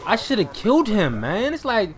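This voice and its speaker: A young man giving live gameplay commentary in a casual, excitable way, swearing and bursting into shouts. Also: sits high, moderate pace. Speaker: gaming commentator.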